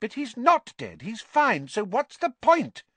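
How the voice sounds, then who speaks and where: An anxious, protective middle-aged mother, put on by a man reading a storybook aloud, pleading and exasperated in a raised, pinched voice. Her tone swings widely, husky at the edges, and the sound is close and dry. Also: extremely high pitch, wildly swooping pitch, a little slow, a bit bright, no echo, pitched above the performer's own voice, heavily acted. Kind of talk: audiobook reading.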